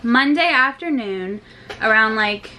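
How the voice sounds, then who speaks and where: Chatty young mom vlogging, high voice. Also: female voice, lively intonation, unhurried, pushed and bright, slight background noise, poor audio. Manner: chatty, talks with many "like"s and loose asides. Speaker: vlogger and mother. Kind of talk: casual family vlog.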